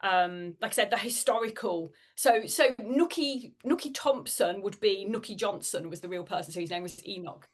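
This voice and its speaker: A woman, a novelist guest in an interview, agreeable and quick to laugh. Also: medium pitch. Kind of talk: casual interview chat.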